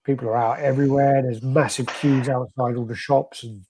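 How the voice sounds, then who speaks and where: A man's voice: medium pitch, fairly even intonation, moderate pace, warm tone, slightly rough. A man hosting a casual live stream, reading out viewer comments with a laid-back, swearing manner. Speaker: host.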